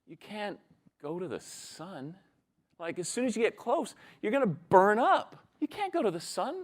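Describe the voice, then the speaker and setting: A man's voice: high-pitched, very animated, normal speed, voice pushed up. A man voicing a young Texan boy who brags eagerly. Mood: scornful. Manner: breathless, eager bragging.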